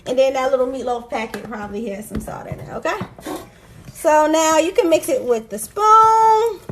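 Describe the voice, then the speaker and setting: A woman's voice: high voice, animated, moderate pace, a little hiss or hum, rough recording. A woman hosting a home cooking video, chatty and explaining each step as she cooks in her kitchen. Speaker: cooking show host. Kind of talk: casual cooking demonstration.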